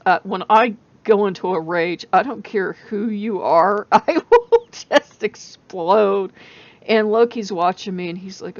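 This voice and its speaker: A woman hosting her own vlog, telling a story in a casual, animated way and laughing often. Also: medium pitch, lo-fi sound. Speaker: channel host.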